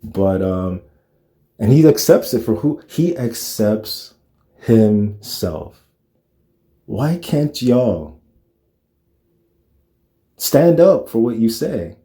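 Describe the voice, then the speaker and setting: Mellow-voiced man giving earnest commentary. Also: fairly low pitch, sing-song, extremely slow, long pauses. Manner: earnest, lecturing, asks rhetorical questions. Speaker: commentator reacting to a clip. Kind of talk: casual commentary.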